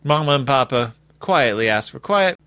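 Sarcastic male host, very animated, bright and dry-sounding. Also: mid-range voice, moderate pace, clear, resonant tone, dry recording. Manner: sarcastic, exaggerated, rambling. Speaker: podcast host reviewing a children's book. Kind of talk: comedic book recap.

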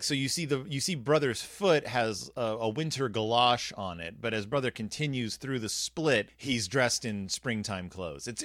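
A man's voice: medium pitch, a bit bright, dry recording, studio quality. A man hosting a casual podcast, rambling through jokey digressions and restarting his sentences often. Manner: rambling, digressive, frequent self-interruptions; jokey, conversational asides. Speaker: podcast host reviewing a children's book. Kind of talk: casual chat.

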